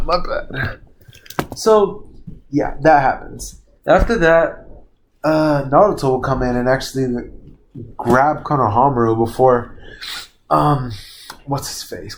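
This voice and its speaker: A man's voice: medium pitch, creaky, a little hiss or hum. A young man casually retelling a made-up fan story, rambling, stopping to recall names and correcting himself, swearing freely. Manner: laughs at his own slips, swears casually.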